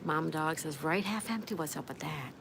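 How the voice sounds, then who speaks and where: A woman's voice: deep voice, moderate pace, vocal fry, background noise. Chatty woman reading live comments. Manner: reads viewer comments aloud, chatty and friendly. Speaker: livestream host. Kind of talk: casual livestream chat reading comments.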